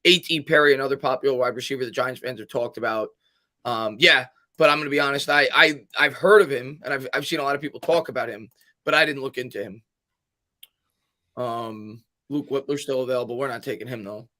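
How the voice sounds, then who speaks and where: A man hosting a live sports stream. He reads viewer comments aloud and adds his own loose takes, full of hesitant fillers. His voice is bright and forceful. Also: medium pitch, brisk. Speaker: host.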